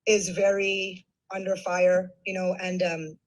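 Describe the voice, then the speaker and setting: A woman's voice: on the low side, little pitch movement, slow pace, rough recording. A woman moderating an author talk, giving effusive praise before putting her questions. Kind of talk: interviewing an author at a gala event.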